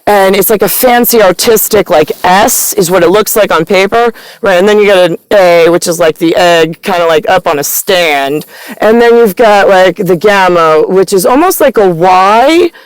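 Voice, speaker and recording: Talking straight into the camera, a woman wanders through a profanity-laced, stream-of-consciousness ramble. Her mid-range voice is smooth and expressive at a normal speed, recorded without echo but with poor audio.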